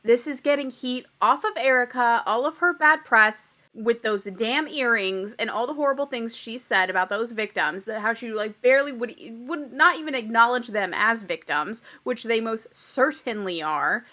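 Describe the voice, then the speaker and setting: A woman's voice: fairly high pitch, moderate pace, hardly any pauses, sharp tone. A young adult woman hosting a podcast that recaps a reality TV show. She talks bluntly, swears freely, and mimics the people she quotes. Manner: opinionated, blunt and profane. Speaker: podcast host.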